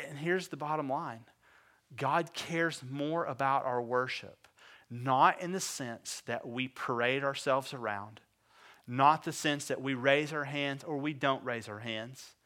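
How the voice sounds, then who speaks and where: A man preaching a sermon as pastor, swinging between loud emphatic bursts and quiet low asides, and acting out the characters he describes in casual voices. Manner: acts out biblical characters in conversational voices.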